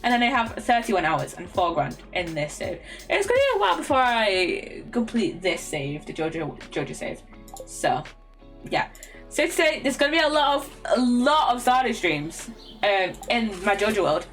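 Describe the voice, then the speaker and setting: Streaming a game, this young British woman talks at medium pitch and normal speed, very animated as she rambles through casual chat. She frequently trips over her words and giggles, with faint lofi music behind her.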